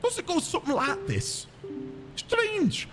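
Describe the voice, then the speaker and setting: A man's voice: extremely high pitch, huge pitch swings, unhurried, fairly bright tone, in a large hall, voice pushed up, heavily acted. A man voicing a tiny, cheerful male forest creature who plays music, with a Scottish accent. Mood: eager. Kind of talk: voicing a game character.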